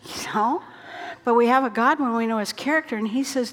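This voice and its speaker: A woman preaching a sermon in an earnest way, her voice dropping soft for quoted words. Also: a little high, a little fast. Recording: long hall reverb.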